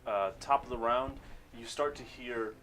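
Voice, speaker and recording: A man narrating a tabletop game as game master, unhurried and pausing for words with many fillers. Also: mid-range voice, fairly even intonation, fairly bright tone.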